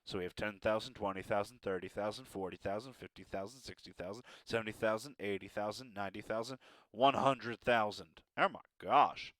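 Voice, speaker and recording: A man's voice: lowish voice, fairly quick, a bit bright, no echo. A man teaching a math lesson, encouraging and playful with joking asides.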